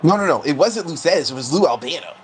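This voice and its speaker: A man's voice: a little high, animated, quick pace, rough recording. A man co-commenting casually on a simulated wrestling game, recalling and correcting wrestling history. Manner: conversational, corrects and recalls details.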